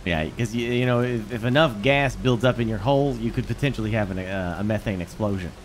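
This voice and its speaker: A man in casual in-character role-play chat as an inspector, talking in a hesitant, stammering, deadpan way. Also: lowish voice, fairly quick.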